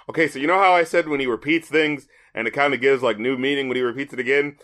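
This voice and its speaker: A man's voice: a little high, fairly even intonation, quick pace, few pauses, pushed and bright. A man co-hosting a casual music review chat, exasperated and cursing often as he reads lyrics aloud. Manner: exasperated, swears a lot, reads lyrics aloud in mocking voices. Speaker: music critic co-host.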